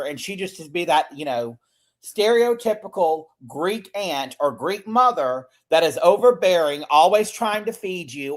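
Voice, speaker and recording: A man's voice: high voice, lively intonation, normal speed, fairly bright tone. A man hosting a casual recap podcast, chatty, swearing casually and often laughing as he talks. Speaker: podcast host.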